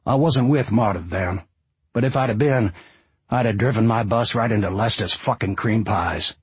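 A man with a husky voice playing a bitter, foul-mouthed ex-bus driver, ranting and sarcastic. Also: lowish voice, moderate pace, dry recording. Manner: angry, sarcastic, swearing.

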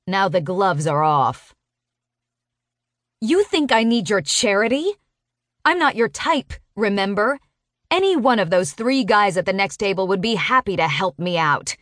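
Audiobook narrator: woman, mid pitch, expressive first-person reading, dry studio. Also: measured pace, no echo. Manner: expressive, sharp-tongued storytelling.

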